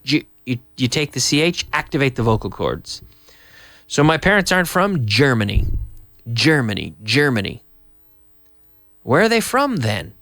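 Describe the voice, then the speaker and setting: A middle-aged man teaching a live online English lesson, lively and repeating words over and over to drill pronunciation. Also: fairly high pitch, dry recording, clean studio sound.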